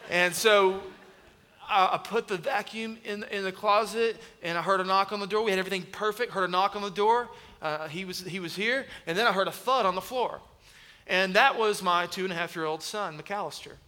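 A man in his thirties, an executive pastor, preaching a sermon with humorous stories, animated and acting out voices. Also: high voice. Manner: animated storytelling, acts out voices and shouts. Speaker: executive pastor of student ministry. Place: large church hall. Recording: long hall reverb.

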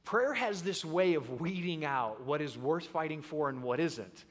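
A man preaching a sermon in a church, an animated storyteller who acts out the voices in his stories. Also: a little high, a little slow. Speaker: pastor. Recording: long reverb in a large hall.

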